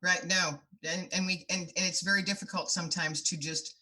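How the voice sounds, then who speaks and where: A woman's voice: on the low side, fairly even intonation, brisk, sharp tone. A middle-aged woman speaking as a podcast guest, telling her stories in an earnest, heartfelt way. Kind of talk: podcast interview.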